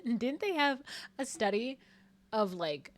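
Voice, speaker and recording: Lively young woman streamer, laughing a lot. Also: fairly high pitch, slow. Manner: chatty, laughs often, swears casually. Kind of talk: casual live-stream chatter while playing a game.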